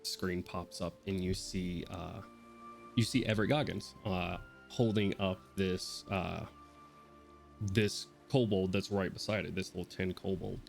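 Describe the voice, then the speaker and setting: A man's voice: low voice, steady tone, measured pace, creaky, faint music behind. A man narrating as game master, in a loose, hesitant style with many fillers.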